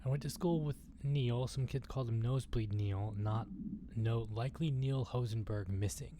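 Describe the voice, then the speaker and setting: Male streamer, casual commentary, reads documents aloud, swears, occasional whispers, mid pitch, noisy game background. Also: normal speed, dark tone.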